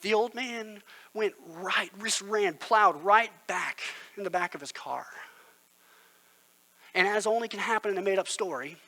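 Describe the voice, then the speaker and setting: Guy preaching, high bright voice, earnest chatty storyteller. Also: unhurried, gravelly, poor audio. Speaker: pastor. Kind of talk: sermon.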